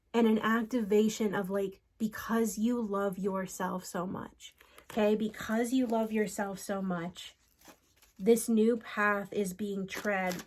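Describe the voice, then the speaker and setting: A woman reads cards for her viewers in an earnest, unhurried way. She pauses to call out to unseen spirits before she goes back to the cards. Her voice sits at an ordinary middle pitch. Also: darkish tone, a little hiss or hum. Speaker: spiritual card reader. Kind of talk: solo channeled card reading.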